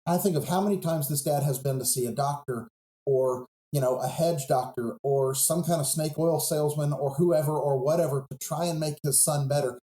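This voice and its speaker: A pastor on a podcast, telling a Bible story in an earnest, reflective way. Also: male voice, fairly high pitch, moderate pace, warm tone, reverberant, poor audio.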